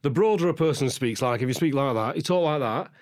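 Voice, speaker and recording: A man's voice: medium pitch, animated, fast talker. Thoughtful male radio host. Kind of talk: radio interview.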